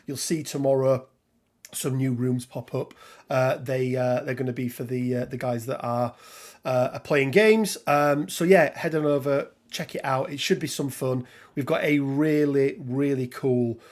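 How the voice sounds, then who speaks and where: Running a relaxed live stream, the middle-aged English host talks at a medium pitch with a steady, darkish tone and measured pace. His manner is chatty and meandering as he calls out viewer names.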